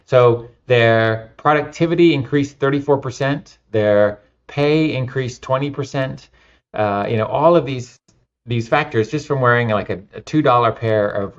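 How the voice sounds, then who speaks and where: A man telling lively anecdotes in an interview, with many fillers and restarts. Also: mid-range voice, muffled recording. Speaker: nonprofit founder and guest. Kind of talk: casual interview storytelling.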